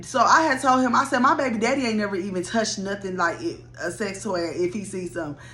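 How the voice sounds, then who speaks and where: A young adult woman telling a casual story time, blunt and animated, swearing freely and talking straight to her viewers. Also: medium pitch, quick pace.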